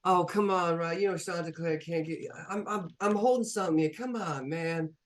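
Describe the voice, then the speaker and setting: A man's voice: fairly high pitch, moderate pace, recorded from a distance, pitched above the performer's own voice, close to an everyday voice. A man voicing a spoiled male mechanic who whines and stammers as he begs for help. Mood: whiny. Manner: whining, stammering pleas.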